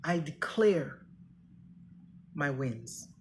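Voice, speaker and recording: In a personal vlog, a middle-aged woman gives herself an emotional, earnest pep talk, swinging between loud declarations and hushed, quiet lines. Her voice is low-pitched and animated, yet she speaks very slowly. There's a bit of hiss or hum on the audio.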